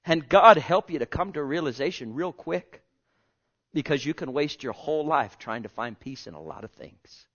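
A man preaching a sermon with passion, swinging between loud pleading and hushed, almost whispered lines. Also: fairly high pitch, animated, moderate pace. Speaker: pastor. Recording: lo-fi dull sound.

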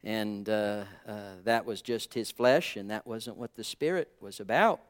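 A man preaching a sermon with fervent calls that drop to quiet, halting reflection. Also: lowish voice. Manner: fervent, swings between loud exclamations and quiet reflection; halting, with frequent uh and um.

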